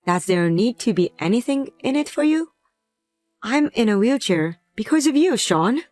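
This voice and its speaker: A woman playing a young wife who uses a wheelchair, speaking in a gentle, pleading way in a scripted drama. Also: on the high side, very animated, moderate pace, faint music behind. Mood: hurt. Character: young wife in a wheelchair, hurt but patient.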